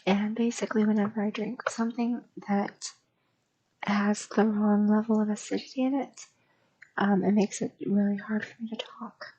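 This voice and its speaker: A young woman streamer rambling casually in an ASMR style, soft and drifting into whispers, with a slight stutter. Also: mid-range voice, flat delivery, moderate pace, slightly rough, highs cut off.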